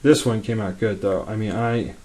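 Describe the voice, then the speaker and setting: A man casually showing his collection, rambling along quickly with lots of fillers. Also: on the low side, steady tone, mellow. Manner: rambling, laid-back, many fillers; talks quickly. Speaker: comic collector vlogger. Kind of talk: casual show-and-tell.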